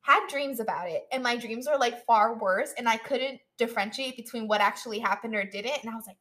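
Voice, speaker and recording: Young female co-host, quick and bright-toned, higher voice, acts out her own thoughts in lively retellings. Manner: animated storyteller acting out her own inner dialogue, swears freely. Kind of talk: casual chat.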